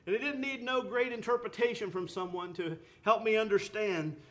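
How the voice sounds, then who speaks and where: A man's voice: high-pitched, normal speed. A man preaching a sermon, earnest, with rising emphatic bursts, often repeating words and restarting phrases.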